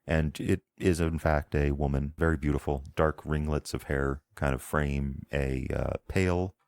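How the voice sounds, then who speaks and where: A man's voice: very deep voice, steady tone, measured pace, a little mellow, dry recording. A man as game master, narrating a tabletop game in a meandering, descriptive way, often searching for words.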